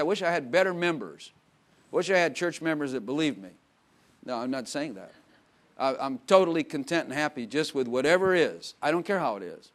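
A man preaching a sermon in a conversational way, dropping to quiet asides and rising to loud emphatic bursts, with frequent laughs. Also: mid-range voice. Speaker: pastor.

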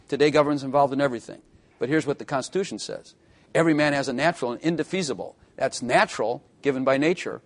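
A man preaching a sermon, emphatic, repeating phrases and asking the congregation questions. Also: fairly high pitch.

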